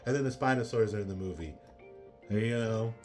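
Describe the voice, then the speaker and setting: A man's voice: on the low side, a little fast, darkish tone, faint music behind. A man giving a casual spoken movie review, rambling with many fillers and exasperated asides.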